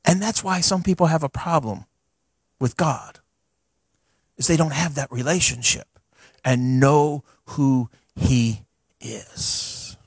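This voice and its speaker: A middle-aged male pastor delivers a sermon in a folksy, animated style, slipping into chatty asides. His voice sits high for a man. The sound is dry and close, with little room echo. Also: takes it slowly, long pauses, slightly rough. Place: church sanctuary.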